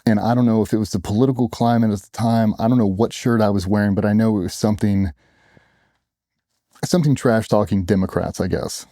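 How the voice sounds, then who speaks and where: Speaking a little fast with fairly even intonation, this middle-aged man has a fairly low, dark voice, captured in studio quality without echo. A former special ops operator, he recounts war stories bluntly and profanely in a casual interview, acting out others' quotes.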